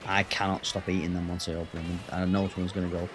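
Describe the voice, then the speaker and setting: A man's voice: deep voice, fast talker. A man with an English accent chatting casually with his viewers as a gaming streamer, rambling and answering the chat.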